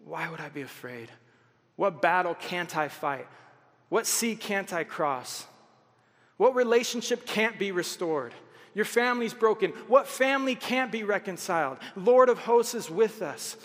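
A pastor preaches a passionate, animated sermon at an unhurried pace, his fairly high male voice swelling into loud exhortation before falling to near silence for hushed quotes. A long reverb makes it ring as though in a large hall.

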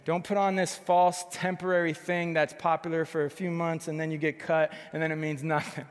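Passionate young preacher in a reverberant hall. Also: male voice, fairly high pitch, moderate pace, few pauses. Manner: passionate, swings between loud emphatic bursts and soft hushed passages. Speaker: pastor. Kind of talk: sermon.

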